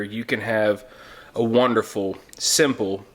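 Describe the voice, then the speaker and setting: A man's voice: lowish voice, steady tone, unhurried, soft background music. A man, chatting casually as a vlogger while cooking in his home kitchen, laid-back and rambling. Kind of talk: casual vlog chat.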